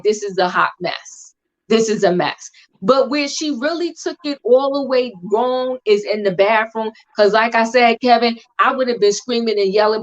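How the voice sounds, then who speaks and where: A woman co-hosting a casual chat about a TV show, talking in an animated, emphatic, slangy way. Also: fairly high pitch. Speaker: podcast co-host. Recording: dull lo-fi recording.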